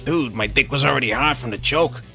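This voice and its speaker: A man's voice: mid-range voice, fairly quick, creaky, sharp tone, soft background music. A man voicing a crude, boastful male nightclub bouncer in a comedy sketch, drawling his brags. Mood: bragging.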